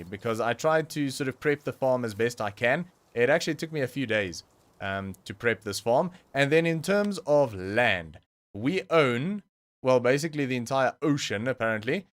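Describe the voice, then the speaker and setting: A young South African man with a South African accent, chatting casually and rambling through a game livestream, with frequent ums and self-corrections. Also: mid-range voice. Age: young adult. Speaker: streamer.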